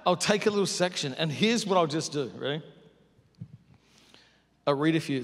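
A man preaching a sermon as pastor, moving between loud bursts and hushed near-whispers. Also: on the high side, fairly quick, pauses often. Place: large church hall. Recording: hall reverb.

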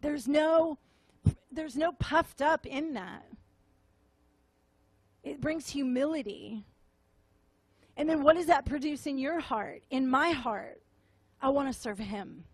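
A woman preacher with a high voice shares a tender testimony in a slow, halting way. She often trails off and repeats her words as if close to tears. Her voice sounds close and dry. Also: dry recording. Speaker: prophetic minister. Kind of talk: emotional sermon testimony. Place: meeting room with audience.

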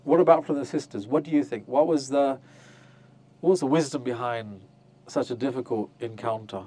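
A man's voice: medium pitch, moderate pace, mellow, slightly rough. A man giving an interactive religious lecture, asking his listeners questions and acting out little scenes to make his points. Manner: questions the audience, acts out voices of mothers. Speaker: Islamic teacher. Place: on a group pilgrimage tour.

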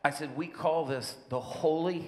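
A man preaching, telling a story in short phrases paused for an interpreter, acting out voices with lively bursts and hushed moments. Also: on the high side. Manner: acts out dialogue in lively bursts, drops to hushed tones. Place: large church hall. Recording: church hall reverb.

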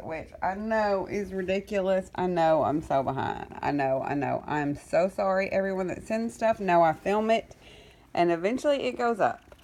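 A woman's voice: medium pitch, a little mellow. A woman giving a casual vlog update on her foster kittens, rambling with many ums, cooing at the cats now and then, and coughing while she gets over an illness. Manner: coos affectionately at the kittens. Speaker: cat rescuer and foster carer.

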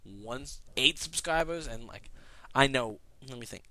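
A young man vlogging a rambling comedic rant, swearing and bursting into shouts. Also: medium pitch, animated, measured pace, dry recording.

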